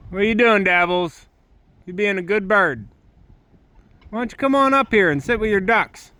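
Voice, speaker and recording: Bright-voiced homesteader man coaxing his birds. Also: high-pitched, moderate pace, pauses often, dry recording. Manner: coaxing, sing-song talk to his birds and dog, then plain how-to explaining. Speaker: homesteader and channel host. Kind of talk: casual homestead vlog with talk to animals and explanations.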